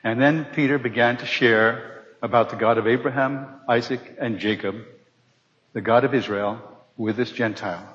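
Animated male storyteller in an echoing hall. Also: mid-range voice, normal speed. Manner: animated storyteller who acts out voices. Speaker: speaker giving a personal testimony. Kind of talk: storytelling testimony to a live audience. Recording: dull recording in a large reverberant hall.

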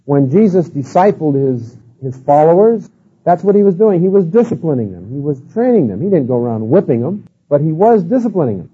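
A man's voice: on the high side, sing-song, a little fast, slightly rough. A man giving a sermon-style lecture, telling stories in a folksy way with many fillers. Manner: folksy, storytelling with many "you know" and "uh" fillers. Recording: tinny phone-like old tape.

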